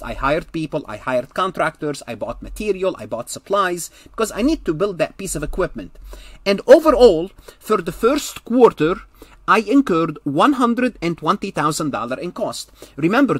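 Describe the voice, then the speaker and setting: A man's voice: fairly high pitch, fairly bright tone, breathy edge, no room sound. A man lecturing on accounting, explaining step by step and repeating key points, with slightly nonstandard phrasing. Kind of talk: recorded lecture.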